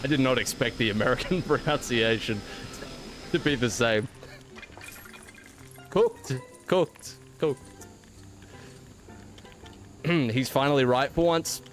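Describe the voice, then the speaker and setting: An Australian man live-streams a game and jokes with his chat in a playful, mock-outraged way. His voice sits at an ordinary middle pitch. Faint music plays behind him. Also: moderate pace, fairly bright tone. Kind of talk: casual live-stream chat while gaming.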